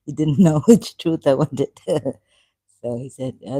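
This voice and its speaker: A woman hosting her channel, talking in a rambling, halting way, often laughing at her own remarks into a USB desk mic. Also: rumbling low, warm tone, husky, dry recording. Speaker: channel host. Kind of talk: rambling casual livestream talk.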